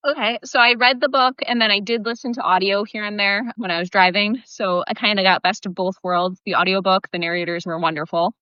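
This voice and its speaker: A woman with a bright, crisp voice talks about a book in a chatty, animated way, with plenty of "like" and "you know". The sound is dry and a little dull. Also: mid-range voice, brisk, hardly any pauses, no room sound. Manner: chatty, animated, many fillers. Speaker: podcast co-host. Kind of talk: casual chat.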